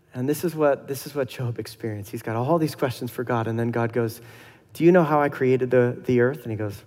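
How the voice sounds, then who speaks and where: A middle-aged man preaching a sermon in a relaxed, conversational way, acting out dialogue and laughing softly now and then. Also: mid-range voice, big-room sound. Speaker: pastor.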